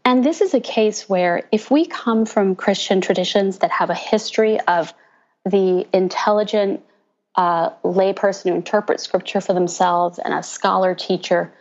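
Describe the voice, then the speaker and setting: A woman pastor and author talking in a casual interview, telling stories with lively mimicry of the people she quotes. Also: medium pitch, highs cut off. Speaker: pastor and author, podcast guest.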